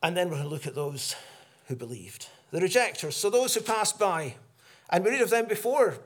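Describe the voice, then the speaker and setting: A middle-aged man preaching a sermon, earnest, rising for emphasis and dropping low for solemn points. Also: animated, brisk.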